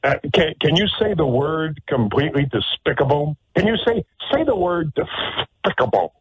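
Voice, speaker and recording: A man's voice: a little high, sing-song, moderate pace, slightly rough, dry recording. A man hosting a talk radio show, talking in a sarcastic, emphatic way and often repeating words. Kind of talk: opinionated talk radio monologue. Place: radio studio. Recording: tinny narrow-band radio audio.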